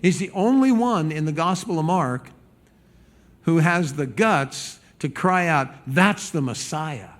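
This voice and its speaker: A man preaching a sermon as pastor, animated and conversational, stumbling over repeated words and acting out the people he quotes. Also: on the high side, unhurried.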